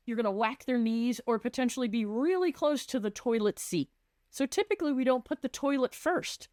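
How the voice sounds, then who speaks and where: Woman, fairly high voice, lively storytelling, acts out client talk, dry sound. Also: dry recording. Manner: animated storytelling, acting out client dialogue. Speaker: residential designer, guest. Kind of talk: casual podcast conversation.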